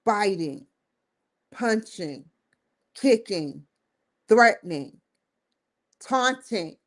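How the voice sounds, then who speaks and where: A woman's voice: medium pitch, animated, drawn-out words. A woman hosting her own show, giving an emphatic, rambling opinion commentary that circles back and repeats points. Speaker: show host.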